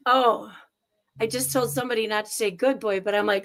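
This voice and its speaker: A woman's voice: medium pitch, fairly even intonation, fairly quick, creaky, fairly bright tone. A woman co-hosting a casual livestream chat from home over a video call, telling stories in a chatty, laughing way. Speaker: co-host and middle school teacher. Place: at home with a house full of people. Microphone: video call setup.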